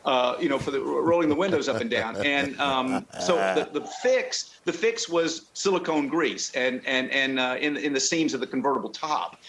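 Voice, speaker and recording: With a fairly bright, medium-pitched voice, a middle-aged man from the American South talks about his car club in a relaxed interview. His speech is halting, full of restarts and fillers.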